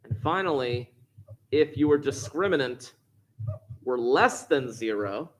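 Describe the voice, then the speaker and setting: A man's voice: mid-range voice, expressive, slow. A man teaching a class, explaining step by step and repeating key points, recorded in a classroom. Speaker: math teacher. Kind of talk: classroom lecture.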